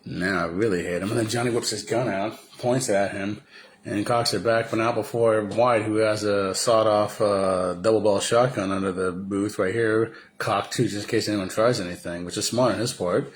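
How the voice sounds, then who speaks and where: A man casually retelling a film scene by scene in an animated way, stumbling over names and laughing along. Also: fairly low pitch, moderate pace, slight background noise. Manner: animated, acts out lines, laughs, loses his train of thought. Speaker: film fan recounting a movie.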